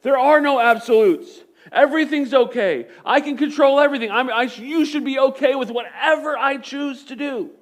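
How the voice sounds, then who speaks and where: Guy doing a slick self-assured old king, high voice, smooth talker. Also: moderate pace, hardly any pauses. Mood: indignant. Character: scheming smug ancient male king.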